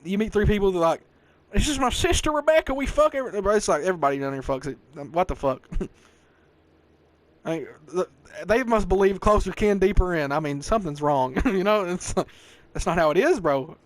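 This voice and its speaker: A man in his twenties with a thick Southern US accent hosts a casual podcast. He rambles and swears freely, tossing in "bro" and "dog" constantly. His voice runs a bit high for a man. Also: animated, a little fast, no echo. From American South. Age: 20s. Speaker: podcast host. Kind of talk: casual chat.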